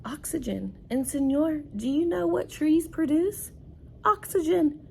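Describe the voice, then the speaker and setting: A woman's voice: high voice, lively intonation, measured pace, vocal fry, slight background noise, pitched above the performer's own voice, heavily acted. A woman reading aloud as a porcupine from a storybook, asking pointed questions emphatically. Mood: emphatic. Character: porcupine lecturing about oxygen.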